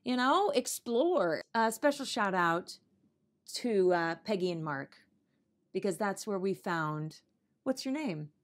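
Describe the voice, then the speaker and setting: A woman co-hosting a casual talk show about acting, animated and bantering. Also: mid-range voice, takes it slowly. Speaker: co-host, acting teacher. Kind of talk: playful casual chat.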